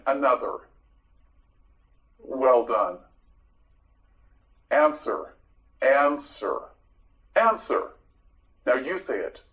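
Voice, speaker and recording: A man teaching English vocabulary in a slow, repetitive drill, with clear, deliberate pronunciation. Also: medium pitch, fairly bright tone, low-quality recording.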